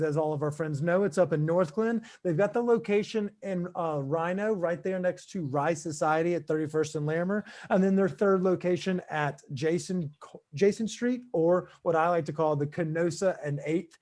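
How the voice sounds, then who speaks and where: A man's voice: on the high side, moderate pace, darkish tone. A man co-hosting a casual podcast, reading sponsor plugs and introducing a guest in a loose, enthusiastic way. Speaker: podcast co-host.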